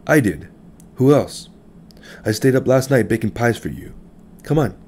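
A man's voice: medium pitch, animated, normal speed, a little mellow, pitched above the performer's own voice, lightly acted. A man voicing an exasperated adult son who is brusque and defensive, in an audiobook. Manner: impatient, defensive.

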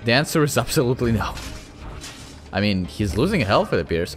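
A man's voice: mid-range voice, big pitch swings, a little fast, faint music behind. A young man with a Russian accent giving profane, mocking let's-play commentary. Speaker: gaming channel host.

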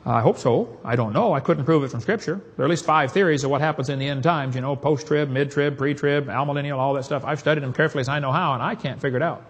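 A man's voice: medium pitch, quick pace, hardly any pauses, slightly rough. A man with a Southern accent preaching a sermon in a folksy, joking, storytelling way.

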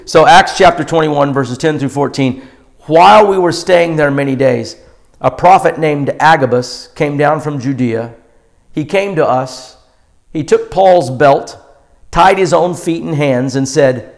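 A man teaching a classroom-style Bible session as pastor, animated and acting out scenes with sudden jumps in pitch and loudness. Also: measured pace. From United States.

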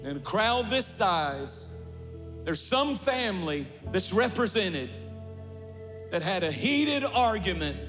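Impassioned high-pitched preacher in a hall. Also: male voice, big pitch swings, slow, over music. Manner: impassioned preaching, builds to shouts. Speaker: pastor. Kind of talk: sermon. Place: large church.

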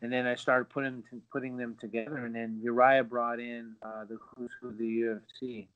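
Brief: middle-aged man, lively storyteller, mid pitch, slightly dull lo-fi audio. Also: brisk, clear, resonant tone. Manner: animated, acts out quotes with lots of fillers. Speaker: guest, former pro fighter. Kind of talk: casual storytelling. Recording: dull lo-fi sound.

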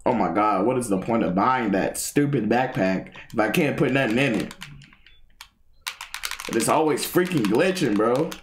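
A young man livestreaming a video game, excitable and swearing, swinging between yelling and muttering. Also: medium pitch, normal speed, roomy sound, a little hiss or hum. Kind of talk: gaming livestream commentary.

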